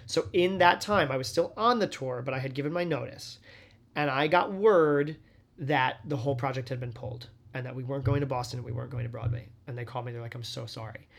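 A stage actor in his thirties, appearing as an interview guest, tells stories in a casual, animated way, packed with "like" and acted-out quotes. His voice is mid-range with vocal fry.

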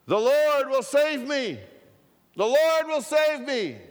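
A man playing a stubborn flood victim who refuses every rescue and shouts his faith from the rooftop. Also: very high voice, lively intonation, slow pace, voice pushed up, exaggerated voice. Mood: shouting stubbornly. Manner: insistent shouting. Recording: long hall reverb.

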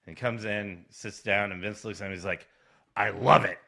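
A man's voice: fairly low pitch, fairly even intonation, fairly quick, bright, forceful tone. A man co-hosting a casual podcast, telling stories animatedly and acting out quoted lines with laughter. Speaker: podcast co-host. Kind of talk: casual chat, retelling stories.

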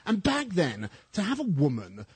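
A middle-aged English man, a gossip columnist, chatting as a guest on a radio talk show in an animated, camp, gushing way. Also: high voice, normal speed, husky, no room sound.

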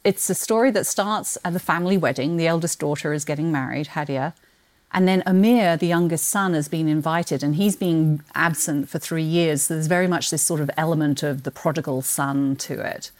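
A woman's voice: sits low, normal speed. A British woman with a trace of an Australian twang, a podcast guest who describes books with enthusiasm and laughs often. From Britain. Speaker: guest, book marketing executive. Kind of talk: casual podcast conversation.

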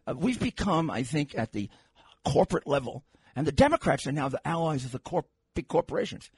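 An older man hosting a political talk radio show, animated and restarting his phrases as he talks. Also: on the high side, brisk, husky, no echo.

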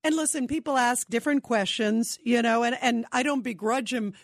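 Opinionated woman radio host, animated and emphatic, dry studio voice. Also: fairly high pitch, moderate pace, no echo. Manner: animated, emphatic, repetitive for effect. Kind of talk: opinionated talk radio commentary.

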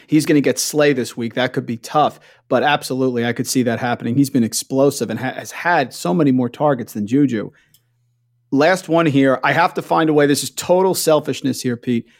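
A man hosts a casual fantasy football podcast at a medium pitch. He moves the chat along with upbeat questions and playful jabs. His voice sounds relaxed and conversational. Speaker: podcast host.

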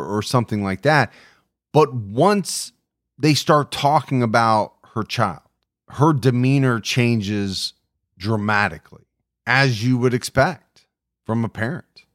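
Slow, somber male podcast host. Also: medium pitch, dry recording, studio quality. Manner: measured, somber, with small restarts. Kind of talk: true crime podcast discussion.

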